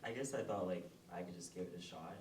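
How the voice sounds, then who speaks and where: A young man with a very deep voice answers slowly and nonchalantly, filling pauses with likes and ums. He sounds distant from the microphone in an echoey room, with faint background noise. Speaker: new investor asking for advice. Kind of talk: hesitant answers in a live group session.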